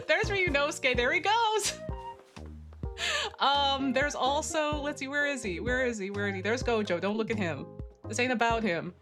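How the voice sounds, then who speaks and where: Giggly high-voiced woman streamer. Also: normal speed. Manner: giggly, excitable, swoops up into squeals. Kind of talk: casual gameplay chat. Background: faint game music.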